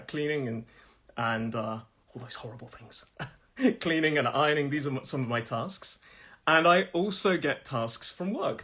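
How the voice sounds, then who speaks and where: Husky southern English teacher. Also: male voice, medium pitch, sharp tone. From England. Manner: friendly, drawn-out repetitions of words, laughs often. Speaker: pronunciation teacher. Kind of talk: live online pronunciation lesson.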